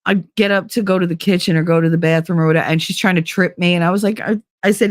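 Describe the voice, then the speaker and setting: A woman's voice: fairly low pitch, fairly even intonation, fast talker, few pauses, no echo, clean studio sound. A woman hosting a casual livestream, chatting loosely, greeting viewers by name and swearing freely. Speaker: livestream host.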